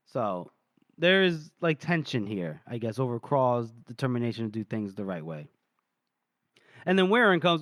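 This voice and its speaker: A man co-hosting a podcast recaps a book chapter in loose, rambling, casual chat packed with fillers and the occasional swear word. His medium-pitched voice has lively intonation at a moderate pace. The studio-quality audio has no echo.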